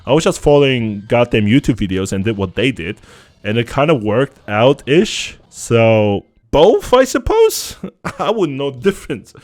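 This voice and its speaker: A man's voice: mid-range voice, lively intonation, normal speed, a little mellow. A young German man with a German accent, a streamer ranting through a quiz in sarcastic, profane banter. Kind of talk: casual reaction to an online quiz.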